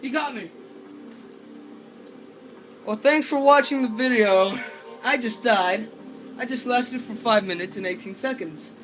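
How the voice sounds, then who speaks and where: High voiced male gamer, slow rambly playful commentary, distant mic with game music under it. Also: fairly bright tone. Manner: playful, rambling, talks to himself. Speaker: gaming video maker. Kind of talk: gameplay commentary. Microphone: camera held by hand.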